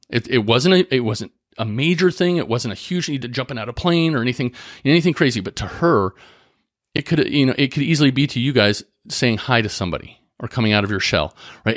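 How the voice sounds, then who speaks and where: A man's voice: medium pitch, dry recording, studio quality. A man, a former gym owner, telling a client's story earnestly in a casual motivational talk, often checking in with "right?" and "okay?".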